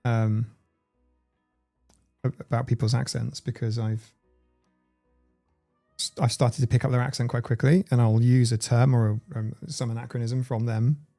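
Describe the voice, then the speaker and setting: A man's voice: medium pitch, little pitch movement, normal speed, pauses often, dark tone, soft background music. A man hosting a casual livestream, rambling, swearing freely and reading the chat aloud. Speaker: livestream host.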